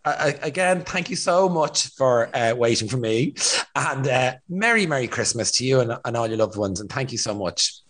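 A young man hosting a podcast, joking and thanking his guest in a lively way. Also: mid-range voice, normal speed. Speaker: podcast host. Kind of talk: casual podcast chat.

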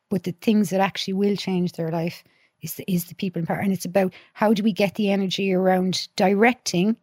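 A woman's voice: on the low side, a little mellow, no room sound, clean studio sound. A middle-aged woman, a podcast guest, chatting earnestly and telling stories with many restarts. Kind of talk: casual conversation.

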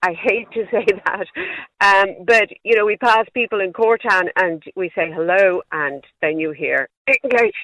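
A woman's voice: mid-range voice, a little slow, a bit bright, dry recording. Woman with a Wexford accent on a phone line. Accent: Wexford Irish. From Ireland. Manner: earnest, proud, laughs between phrases. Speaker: caller. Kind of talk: phone-in radio chat.

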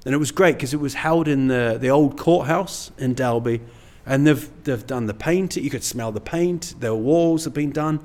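Middle-aged male comedian, casual guest chat, meandering, full of "you know", mid-pitched voice. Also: moderate pace, few pauses, darkish tone. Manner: rambling, self-deprecating, many "you know"s.

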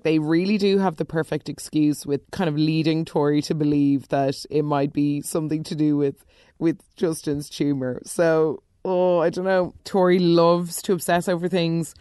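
A woman chatting casually through a TV soap recap, animated and opinionated, with quick asides and exclamations. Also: sits low, clear, resonant tone, dry recording, studio quality.

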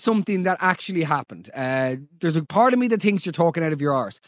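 An Irish man hosting a comedy podcast, talking in animated, incredulous and profane banter. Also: a little high, quick pace, no room sound, clean studio sound. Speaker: podcast host. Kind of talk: casual comedic monologue.

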